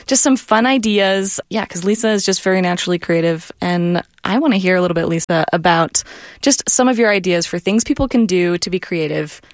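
A woman podcast producer in casual chat, backing up the host with quick agreeing remarks. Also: lowish voice, dry recording, clean studio sound. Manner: supportive, quick agreeing interjections.

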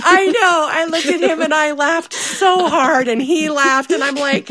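A woman in her forties telling a personal story in casual conversation, animated and laughing often. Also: high-pitched, normal speed, few pauses. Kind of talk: casual chat.

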